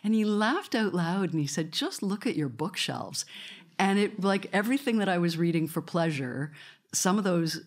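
A woman's voice: lowish voice, normal speed, a little mellow. Chatty laughing woman radio host. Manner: laughs often, chatty storytelling. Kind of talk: live studio conversation. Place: radio studio with live audience.

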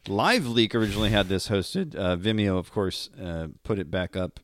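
A man co-hosting a podcast in casual chat, laughing often and rambling, trailing off quietly. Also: lowish voice, lively intonation, moderate pace, slight background noise. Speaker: podcast co-host.

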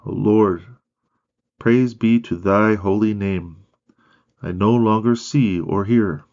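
A humble, devout nun near death speaks her prayers slowly and softly, as a deep-voiced male reader gives her lines. The voice is low and gravelly, and the recording sounds dull and lo-fi. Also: steady tone. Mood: prayerful. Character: dying devout nun, woman, humble and pious.

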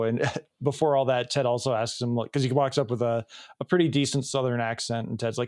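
A man's voice: mid-range voice, flat delivery, moderate pace, a little mellow, clear, resonant tone, no echo. Man in his thirties, podcast co-host, loose rambling recap delivery, dry close sound. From Chicago area, USA. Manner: rambling, many ums and restarts. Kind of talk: casual recap chat.

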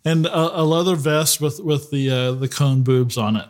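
A man's voice: fairly high pitch, moderate pace. A man playing a tabletop game, talking casually and hesitantly with lots of fillers and restarts. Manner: stammering, hesitant, many fillers. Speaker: player.

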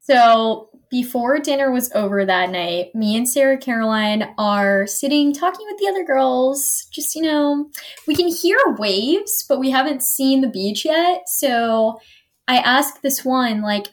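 High-voiced animated young woman storyteller. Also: unhurried. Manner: animated storyteller, acts out what people said. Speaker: guest co-host. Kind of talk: casual podcast chat.

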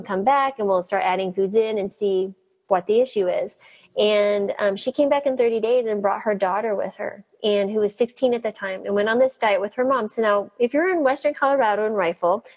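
A middle-aged woman doctor telling lively stories in an interview, laughing often and mimicking the people she quotes. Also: medium pitch, slightly rough. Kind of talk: storytelling in an interview.

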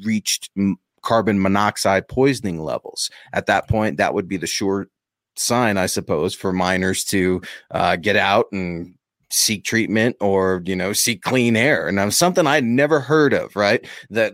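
Chatty low-voiced male podcast host. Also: unhurried, no room sound, clean studio sound. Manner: chatty, thanks supporters, asks co-host questions. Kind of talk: casual sports podcast chat.

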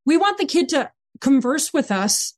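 A woman's voice: sits high, big pitch swings, normal speed, no echo. A woman guest on a casual podcast interview, talking animatedly about parenting and acting out dialogue with her son. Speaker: guest, behavior consultant.

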